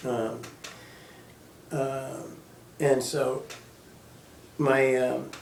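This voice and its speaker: A man in his fifties telling his own story as personal testimony, halting and sporadic, with many restarts. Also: mid-range voice, little pitch movement, vocal fry, slight background noise. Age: 50s. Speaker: storyteller recounting his own near-death experience. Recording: echoey room, voice heard from a distance.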